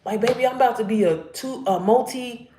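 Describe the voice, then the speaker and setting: A woman in her thirties chatting casually on a live stream about faith and digital marketing. She talks candidly, swears, laughs and swoops up high when excited. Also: a little fast, reverberant, a little hiss or hum. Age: 30s.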